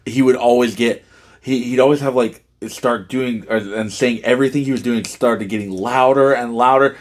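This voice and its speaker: Excitable man chatting loosely. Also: mid-range voice, moderate pace. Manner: loose, filler-heavy and excitable. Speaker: podcast co-host. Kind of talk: casual movie review chat.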